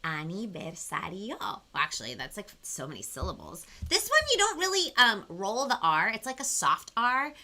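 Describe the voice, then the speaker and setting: A woman's voice: a little high, sharp tone. A young woman hosting a bilingual children's live-stream lesson, bubbly and sing-song, talking straight to her viewers. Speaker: children's show host.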